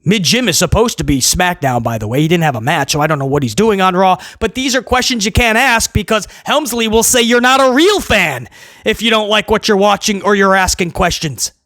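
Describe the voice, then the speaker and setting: A man giving a blunt, sarcastic, exasperated solo review, breaking into loud comic outbursts to mock what he saw. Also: high-pitched, animated, a little fast, no room sound, studio quality. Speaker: wrestling show reviewer.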